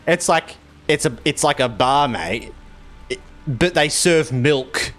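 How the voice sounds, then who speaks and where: A man's voice: medium pitch, lively intonation, slow, fairly bright tone, soft background music. Chatty Australian man streaming a game. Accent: Australian, Victorian. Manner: rambling, chatty, laughs easily. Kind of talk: casual stream chat with viewers.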